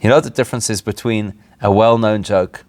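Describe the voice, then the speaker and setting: A man's voice: lowish voice, steady tone, brisk, a little mellow, no room sound. A man, a rabbi, giving an informal spoken lesson, asking rhetorical questions and laughing at his own points. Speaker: rabbi teaching a weekly class.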